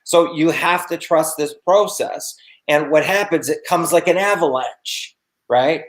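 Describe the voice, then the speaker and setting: A man's voice: on the high side, a little slow, a bit bright. Male coach hosting an interview; punchy, repetitive motivational delivery. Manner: emphatic, repeats words for effect. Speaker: host and business coach.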